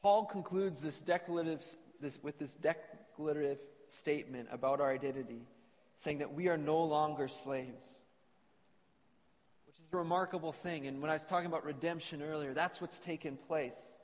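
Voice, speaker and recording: In a church hall with long reverb, a pastor preaches earnestly to his congregation and reads scripture aloud. His voice is a little high, and he speaks at a moderate pace.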